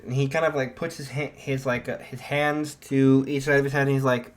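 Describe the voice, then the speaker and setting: A man's voice: medium pitch, little pitch movement, fairly quick, few pauses. A man improvising a fan-fiction story aloud, rambling with many fillers and restarts.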